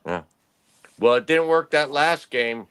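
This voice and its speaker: A man's voice: on the high side, expressive, a little slow, a bit bright, smooth. A man in his late fifties, a podcast host, telling rambling stories in casual chat and laughing often. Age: 50s.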